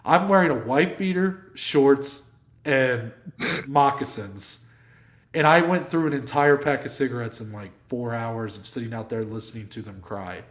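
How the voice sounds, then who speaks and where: A man co-hosting a podcast, telling a long story in a casual, animated way, swearing freely and acting out what people said. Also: medium pitch, a little slow, reverberant. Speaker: podcast co-host.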